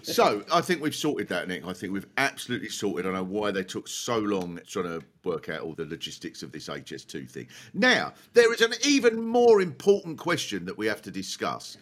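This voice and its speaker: Lively man telling comic stories. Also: fairly low pitch, moderate pace, hardly any pauses. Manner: animated anecdotes, acts out quoted people. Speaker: comedian podcast host. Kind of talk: comic conversation and storytelling.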